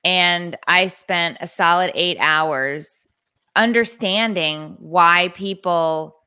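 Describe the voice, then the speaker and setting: A woman in her thirties tells a story on a podcast with biting sarcasm and plenty of swearing, slipping into other people's voices as she goes. Her voice sits a little low, and the close, dry studio sound has no room echo. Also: slow, bright, forceful tone, smooth. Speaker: podcast co-host. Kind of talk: casual storytelling chat.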